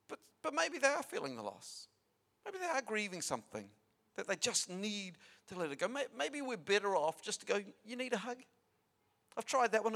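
Male pastor, high voice, chatty emphatic sermon delivery with repeats and asides. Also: fairly bright tone.

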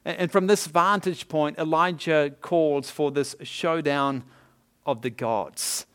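Chuckling New pastor preaching. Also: male voice, a little high, takes it slowly, clean tone. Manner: lively storytelling with frequent chuckles and asides. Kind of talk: sermon.

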